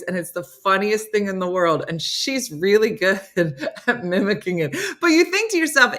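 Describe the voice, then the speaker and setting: A middle-aged woman hosting a morning comedy show, chatting casually and telling animated funny stories. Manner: animated storytelling, mimics voices in low growls.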